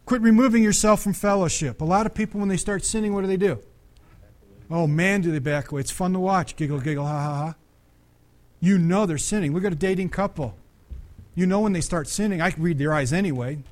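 A middle-aged man preaching a sermon, conversational and animated, with frequent restarts and sudden loud peaks. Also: high-pitched. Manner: restarts and repeats words often. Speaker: pastor.

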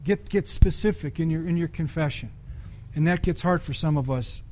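A middle-aged man preaching a sermon, conversational and animated, with frequent restarts and sudden loud peaks. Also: fairly high pitch, normal speed. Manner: restarts and repeats words often. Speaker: pastor.

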